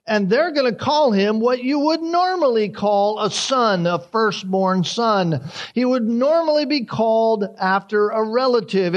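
A man preaching an expository sermon, animated, acting out the crowd's reactions as he retells the story. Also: high voice, lo-fi sound.

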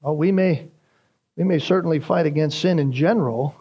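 A man preaching a sermon, emphatic and rising in pitch on key phrases. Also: moderate pace, mellow, breathy edge, muffled recording. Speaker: pastor.

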